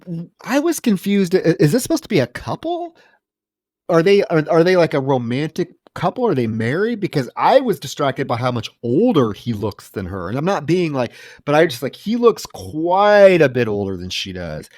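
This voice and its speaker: A man co-hosting a movie podcast, mocking the film in sarcastic, profane chat that often trails off and restarts. His voice sits a little high. The recording is close and dry. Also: sing-song, normal speed, a little mellow, no room sound. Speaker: podcast co-host. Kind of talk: casual film review chat.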